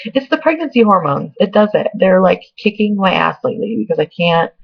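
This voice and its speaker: A woman's voice: mid-range voice, expressive, brisk, creaky, husky. A young woman from Oregon giving a casual pregnancy update, chatty and emotional, close to tears. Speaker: vlogger. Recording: dull lo-fi home webcam audio.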